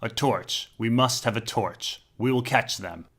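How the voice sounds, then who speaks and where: A man voicing a stern, grim knight who speaks in a measured way. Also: medium pitch, fairly bright tone.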